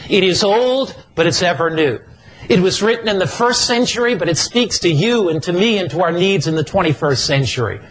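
A man's voice: sits high, fairly bright tone, rough recording. A middle-aged man preaching a sermon as an evangelist, with an emphatic, repetitive cadence.

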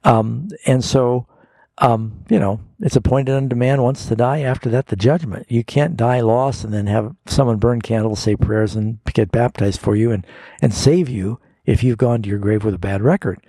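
A man's voice: mid-range voice, normal speed, mellow, dry recording. A man hosting a call-in radio Bible show as pastor, explaining scripture in a folksy, explanatory way with homespun illustrations.

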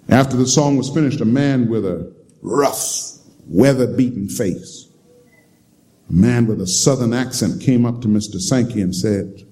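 Slow, emphatic male preacher. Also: lowish voice, a little mellow. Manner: repeats key lines, asks the congregation, emphatic. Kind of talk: sermon storytelling.

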